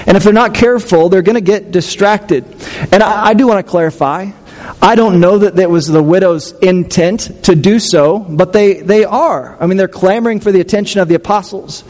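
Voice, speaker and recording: A man's voice: high-pitched, darkish tone, big-room sound. A man preaching a sermon as pastor, talking in a conversational way with restarts and questions to the congregation.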